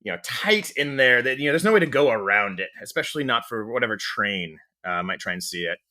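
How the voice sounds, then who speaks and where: Bright-voiced man narrating a tabletop game. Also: mid-range voice, animated, fairly quick. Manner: descriptive, full of fillers and restarts. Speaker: game master.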